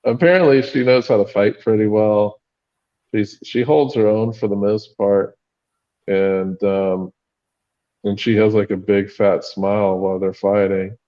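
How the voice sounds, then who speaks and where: A man's voice: on the low side, fairly even intonation, unhurried, lo-fi sound. A man co-hosting a podcast, recapping a book in casual chat with many fillers and frequent laughs. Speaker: podcast co-host.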